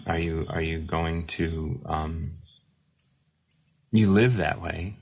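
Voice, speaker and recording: A man's voice: deep voice, vocal fry, a little hiss or hum. A man hosting a recovery show, talking in a rambling, reflective way with many fillers and restarts, now and then reading viewer comments aloud. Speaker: recovery mentor and show host. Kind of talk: casual livestream monologue.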